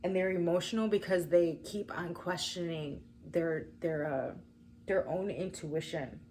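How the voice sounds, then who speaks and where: A woman's voice: fairly low pitch, measured pace, darkish tone, a little hiss or hum. A woman giving a spiritual reading to camera, casual and emotional, talking straight to her viewers. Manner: emotional, casual, swearing, speaks to viewers as collective. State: emotional, near tears. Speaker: tarot reader.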